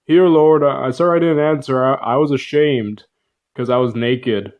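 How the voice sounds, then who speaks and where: A man's voice: mid-range voice, moderate pace, a little mellow, highs cut off, natural voice. A man voicing Adam, a flustered young man who stammers and makes excuses. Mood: ashamed.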